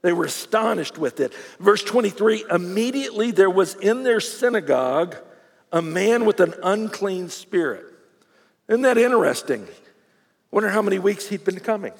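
A man preaching with a high, lively voice that swoops up and down as he acts out crowd reactions. His tone is a little husky, and the sermon rings with the long reverb of a big hall. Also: normal speed. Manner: animated preaching, acting out voices of crowds and scribes. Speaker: pastor.

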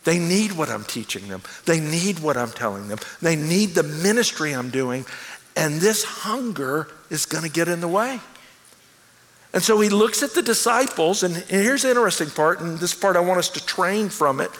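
A male pastor delivering an animated sermon, acting out quoted lines as he goes. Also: fairly high pitch, normal speed. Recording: long hall reverb.

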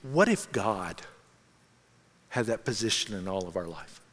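A middle-aged man, a senior pastor, telling a self-mocking story in an animated way during a sermon. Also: on the low side, unhurried, in a large hall.

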